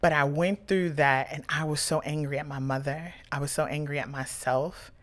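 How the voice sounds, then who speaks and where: A woman in her thirties, a podcast host, telling a personal story with emotion and animated quoted dialogue. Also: deep voice, moderate pace.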